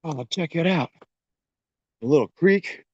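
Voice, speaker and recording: A man's voice: fairly high pitch, a little slow, no echo, dull audio. A man coaching a workout while jogging outdoors, encouraging and a little out of breath. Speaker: fitness coach. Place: outdoors on a trail.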